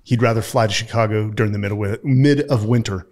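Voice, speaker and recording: A man's voice: on the low side, fairly even intonation, quick pace, darkish tone. A man from San Francisco, a podcast guest, talking casually in a blunt, joking way. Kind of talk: casual conversation.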